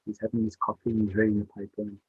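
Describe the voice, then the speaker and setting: Man, storyteller, husky voice, tinny dry recording. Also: completely flat delivery, very fast, dry recording. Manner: voices the characters with rising pitch for the child. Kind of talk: oral storytelling. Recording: dry, tinny phone-like sound.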